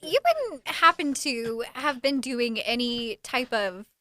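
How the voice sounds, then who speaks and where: A woman's voice: on the high side, takes it slowly, sharp tone. A woman playing in a tabletop game, joking around in casual banter. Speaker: player.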